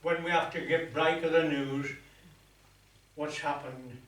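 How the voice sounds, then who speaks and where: A man's voice: fairly high pitch, steady tone, unhurried, a bit bright. A man voicing a middle-aged priest who coaxes and then loses patience, in a joke told at a folk club. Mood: coaxing. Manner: coaxing, then losing patience. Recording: echoey club room, mic far off.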